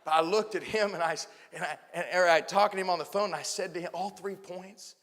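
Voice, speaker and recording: A male pastor preaching a sermon, telling stories and swinging from hushed asides to shouted points. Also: high-pitched, steady tone, fast. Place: church sanctuary. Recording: long church hall reverb.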